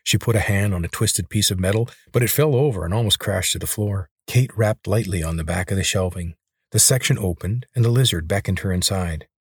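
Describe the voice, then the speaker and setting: Reading a novel aloud as an audiobook narrator, a husky, low-voiced man keeps a steady, measured pace. The recording is close and dry, with no room sound.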